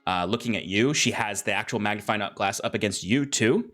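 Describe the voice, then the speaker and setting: A man's voice: on the low side, a little fast, fairly bright tone. A man narrating as game master of a tabletop game, rambling with fillers and laughter.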